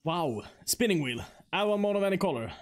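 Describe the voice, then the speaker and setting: A man's voice: sits high, lively intonation, a little fast. A man streaming a card game, chatting casually and joking as he plays. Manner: playful, joking, laughs often, mock-French asides. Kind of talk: casual gameplay commentary.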